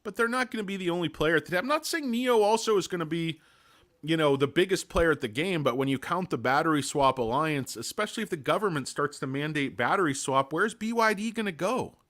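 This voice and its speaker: A man's voice: fairly high pitch, expressive, fairly quick, fairly bright tone. A man hosting a casual live stream on stocks, rambling through his points, making crude jokes and greeting chat viewers by name. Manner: rambling, crude joking asides. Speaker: stock market livestream host.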